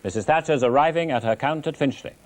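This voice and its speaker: A male news anchor presenting election night coverage live, measured as he links between reports. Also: fairly high pitch, a little hiss or hum.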